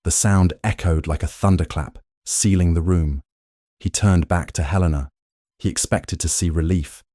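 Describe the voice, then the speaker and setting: A man narrating a romance story in a measured, dramatic way. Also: low-pitched, fairly even intonation, warm tone, no room sound, clean studio sound. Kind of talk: scripted romance audiobook narration.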